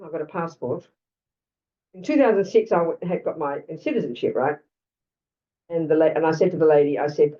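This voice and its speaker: An older Australian woman giving a Buddhist dharma talk in a blunt, conversational way, full of asides to her listeners. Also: fairly low pitch. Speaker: Buddhist teacher. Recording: lo-fi, distant mic.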